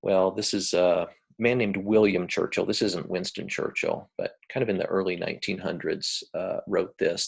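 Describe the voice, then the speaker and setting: A man who is a university English professor, giving a lecture in a measured way with frequent fillers and restarts. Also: deep voice, fairly even intonation, creaky, breathy edge.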